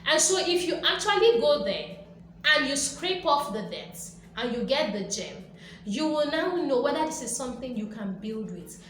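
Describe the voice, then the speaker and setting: Woman, motivational host, emphatic, repetitive, faint background noise, very echoey room. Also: high-pitched. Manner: emphatic, repetitive and playful, acting out quoted reactions. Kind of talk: motivational talk to camera.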